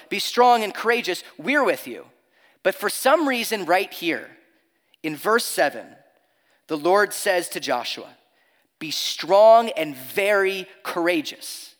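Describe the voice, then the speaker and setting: A man's voice: on the high side, a bit bright, in a large hall. A man preaching a sermon as pastor, earnest and emphatic, reading scripture aloud.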